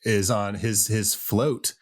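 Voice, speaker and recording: Low-voiced man hosting a chatty podcast. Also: fairly even intonation, takes it slowly. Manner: loose and rambling, lots of ums. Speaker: podcast host. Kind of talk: casual chat.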